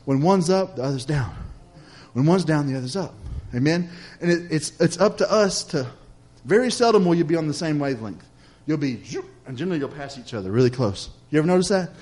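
Male pastor, slightly high voice, emphatic call-and-response sermon delivery. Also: lively intonation, a little fast. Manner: preacherly, repetitive cadence with call-and-response "Amen?"; swings from loud emphatic lines to soft hushed ones.

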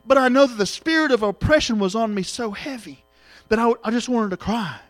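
A middle-aged man preaching an emotional sermon, swinging between loud exhortation and hushed tenderness. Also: very high voice, fairly quick, dry recording, faint music behind.

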